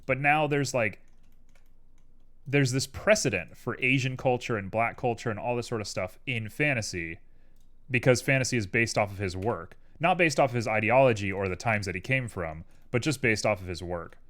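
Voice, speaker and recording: A man's voice: medium pitch, normal speed. Rambling young man streaming, keyboard clicks. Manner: rambling, tangential, animated. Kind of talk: casual live-stream chat while 3D modeling. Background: keyboard clicks and typing.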